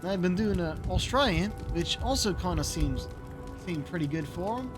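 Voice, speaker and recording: Man, streamer, casual game commentary, musing, animated pitch. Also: normal speed. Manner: chatty, musing, joking. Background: game music.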